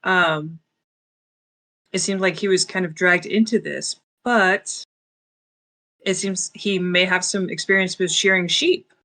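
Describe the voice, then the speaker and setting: A player voicing a polite adventurer who speaks gently and measuredly. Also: mid-range voice, steady tone, slow, long pauses. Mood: persuasive.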